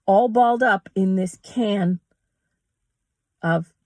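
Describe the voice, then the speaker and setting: A middle-aged woman, a yoga teacher and vlogger, shares a candid, emotional personal story, swearing and laughing between lines. She speaks slowly in a medium-pitched, somewhat mellow voice, with clean studio sound and no room sound.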